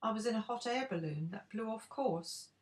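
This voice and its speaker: Croaky little old man as a grandma puts him on, sheepish fake wizard, higher voice, roomy echo, storybook. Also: expressive, normal speed, lightly acted. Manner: sheepish, fumbling.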